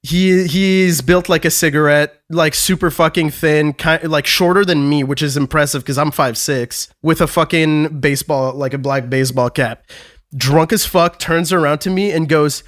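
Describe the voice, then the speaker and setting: A man's voice: a little high, moderate pace, a bit bright. A man on a podcast telling a rambling, swear-heavy story in casual chat. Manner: profane, rambling anecdote with restarts. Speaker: podcast co-host.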